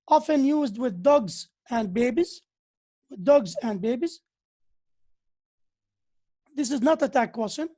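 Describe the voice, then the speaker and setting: A woman's voice: sits high, lively intonation, takes it slowly, long pauses, mellow. A woman giving a university English lecture. She slips into to explain, and she acts out the example sentences with exaggerated intonation.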